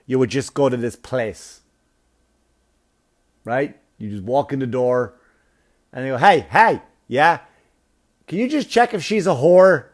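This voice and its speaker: Profane man telling a comic story. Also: medium pitch. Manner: profane, animated, laughs at his own story. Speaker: stand-up comedian.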